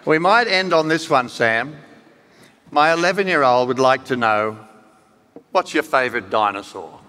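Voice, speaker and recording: A man hosting a live book talk, asking questions with a dry, teasing, deadpan manner. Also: mid-range voice, normal speed, slight background noise. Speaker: interviewer and event host. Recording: reverberant hall with audience.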